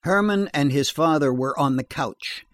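A man narrating a horror story in a steady, measured reading voice. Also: on the high side, no echo.

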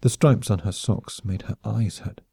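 A man narrating an audiobook in a brisk, wry storytelling manner. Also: fairly low pitch, gravelly, warm tone, breathy edge, no echo, clean studio sound. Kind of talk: scripted narration.

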